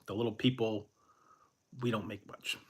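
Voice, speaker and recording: Fairly low in pitch and level in tone, this man talks at a normal speed with a slight roughness. He's a Central California food review streamer, rambling casually on his live stream, chuckling and hamming up a joking Canadian "eh."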